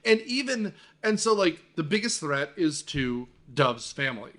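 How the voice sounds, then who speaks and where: A man's voice: on the high side, a little slow. A man hosting a casual movie podcast, recounting scenes with lots of energy and the odd swear. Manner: animated, swears, laughs while recounting scenes. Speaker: podcast host.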